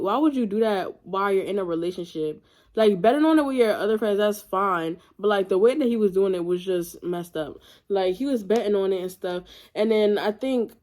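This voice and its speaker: A young woman recounts a personal story straight to the camera. Her delivery is casual and animated, peppered with "like" and "y'all," and full of incredulous disbelief. Her voice sits at an ordinary middle pitch. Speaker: storytime vlogger.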